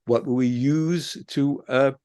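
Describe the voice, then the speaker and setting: A man's voice: medium pitch, fairly even intonation, slow pace, darkish tone. A man who is a philosophy professor and author, answering an interview with impassioned rhetorical questions. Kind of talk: interview answer, reflective monologue.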